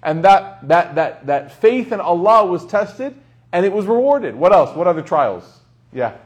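A man's voice: high voice, big pitch swings, a little slow, slightly rough. A young man giving a casual, joking lecture on Islamic teachings to a class, asking the students questions.

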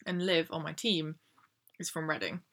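A woman's voice: sits low, expressive, normal speed, fairly bright tone, slight background noise. A woman in her twenties with an East Midlands English accent, co-hosting a casual chat podcast. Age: 20s. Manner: chatty, questioning, laughs easily. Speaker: podcast co-host.

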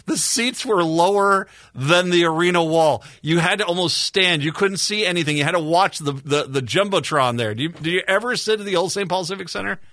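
A man's voice: sits high, a little fast, hardly any pauses, sharp tone, no echo, studio quality. A male radio talk show host from Minnesota, chatting casually with rambling repeats and sarcastic asides. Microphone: studio microphone.

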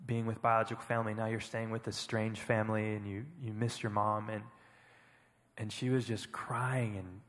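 A man giving an earnest, reflective personal testimony as a panel speaker at church, often pausing and halting. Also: lowish voice, little pitch movement, a bit bright, big-room sound. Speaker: panel speaker, foster parent.

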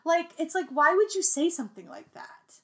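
A young woman co-hosting a casual movie recap podcast, animated and laughing, mimicking lines in exaggerated voices. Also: very high voice, moderate pace. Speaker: podcast co-host.

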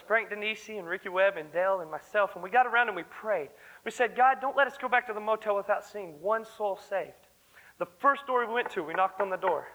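Earnest young preacher, high bright voice. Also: male voice, poor audio. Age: young adult. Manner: earnest, fervent preaching, breaks into song. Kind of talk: sermon.

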